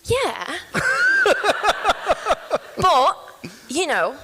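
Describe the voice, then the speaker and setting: A woman in her thirties, an actress being interviewed, chatting in an animated, self-deprecating way with lots of laughter. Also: high voice, very slow, noisy background. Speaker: actress guest. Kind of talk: interview chat.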